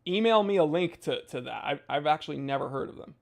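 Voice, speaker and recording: A young man hosting a casual livestream, reading viewer comments aloud in a goofy, jokey way with sudden loud outbursts. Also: on the high side, lively intonation, quick pace, creaky. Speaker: watch channel host.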